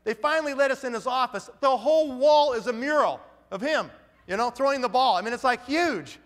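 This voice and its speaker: A middle-aged man telling a story to an audience, lively and acting out the people in it. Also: extremely high pitch, fairly quick. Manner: animated, acts out the people in his story. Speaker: business speaker. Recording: long reverb of a large hall.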